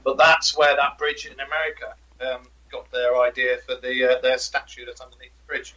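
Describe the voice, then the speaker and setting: Bright-voiced man co-hosting a podcast. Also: mid-range voice, monotone, moderate pace, highs cut off. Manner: chatty, laughs often, retells legends. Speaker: podcast co-host. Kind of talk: casual chat about folklore.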